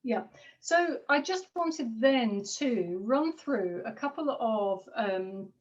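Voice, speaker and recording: A woman giving an online academic seminar, hesitant, with frequent fillers and quick apologies as she juggles her slides. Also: on the high side, animated, muffled recording, a little hiss or hum. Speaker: linguistics lecturer.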